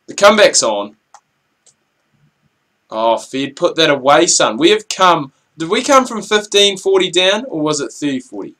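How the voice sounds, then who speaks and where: Young kiwi guy rambling over his tennis game, kinda high voice, gets excited at big points. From New Zealand. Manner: chatty, rambling, excitable outbursts at play. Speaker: gaming channel host. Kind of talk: casual gameplay commentary.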